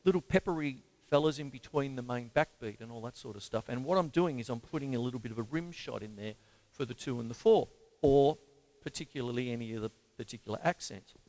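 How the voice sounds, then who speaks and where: Australian drum teacher counting beats aloud. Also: male voice, mid-range voice, quick pace, darkish tone. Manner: counts beats aloud in rhythm, chatty with fillers. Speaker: drum teacher and show host. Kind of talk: casual drum lesson talk. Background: drum kit playing.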